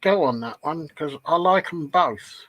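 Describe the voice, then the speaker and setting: A man's voice: fairly high pitch, lively intonation, a little slow, fairly bright tone, dry recording, poor audio. A man co-hosting a casual live-stream chat, agreeable, with many short yeahs. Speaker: co-host.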